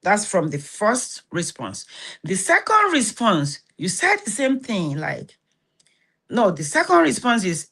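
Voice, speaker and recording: A woman's voice: mid-range voice, wildly swooping pitch, measured pace, fairly bright tone, husky. A woman with a Nigerian Yoruba accent hosting a live stream, talking animatedly and acting out quoted dialogue. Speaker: host of a live stream on relationships and healing.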